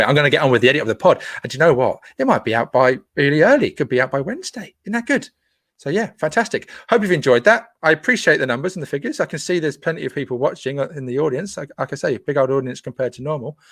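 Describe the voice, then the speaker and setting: A man's voice: fairly low pitch, a bit bright, no echo, studio quality. A man hosting a casual live stream, reading out viewer comments in a chatty, playful way. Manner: chatty and playful, jokes with listeners. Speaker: host.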